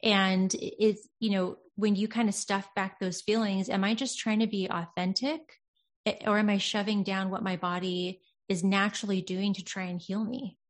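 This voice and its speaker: A woman's voice: mid-range voice, fairly even intonation, moderate pace. Earnest, reflective woman in casual talk. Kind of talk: casual conversation.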